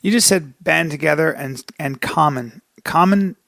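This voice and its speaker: Gravelly, joking male podcast guest. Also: a little high, moderate pace, fairly bright tone. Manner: jokey, slips into bits and voices. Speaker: comedian guest. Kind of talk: casual podcast conversation.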